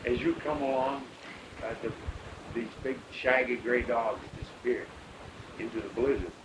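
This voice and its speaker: Man, mid-pitched, rambling halting storyteller who acts out quotes; roomy recording with loud hiss. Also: steady tone. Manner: rambling, halting with many pauses and fillers. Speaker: storyteller recounting a rescue. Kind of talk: casual oral-history storytelling.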